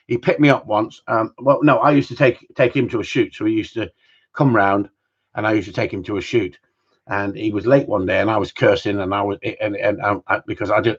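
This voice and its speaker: A jokey man chatting live from home, his voice low and a little husky. He rambles between stories and viewer questions with cheerful mild swearing, and the sound is slightly dull and lo-fi. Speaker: gundog trainer hosting a live Q&A stream. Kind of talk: casual live-stream chat.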